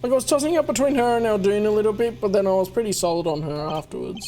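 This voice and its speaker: Man, let's play host, casual commentary, fairly high voice, quiet game music behind. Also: quick pace, hardly any pauses. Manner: chatty, self-aware asides.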